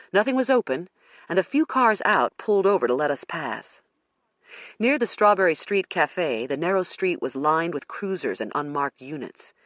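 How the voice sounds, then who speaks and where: Audiobook narrator, measured storytelling, lively pitch, dry booth sound. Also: no echo. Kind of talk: first-person audiobook narration.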